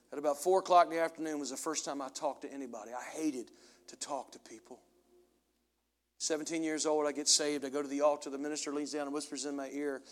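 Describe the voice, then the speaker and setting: A middle-aged pastor preaching a sermon, swinging from loud preaching to low, confessional storytelling. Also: male voice. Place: church sanctuary.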